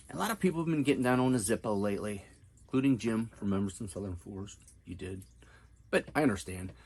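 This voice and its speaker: A man's voice: fairly low pitch, a little hiss or hum. A middle-aged man hosting a pipe-smoking video, chatting casually at home in a rambling, self-deprecating way. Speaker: pipe-smoking channel host. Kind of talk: casual chat to camera. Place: home, downstairs room with family upstairs.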